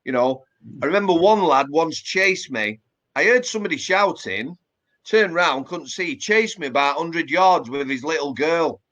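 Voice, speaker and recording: Chatty Yorkshire man, slightly high voice. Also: animated, normal speed, a bit bright. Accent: Yorkshire English. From Yorkshire, England. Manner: chatty, plain-spoken, many fillers and restarts. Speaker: former prison officer, guest. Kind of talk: casual interview chat.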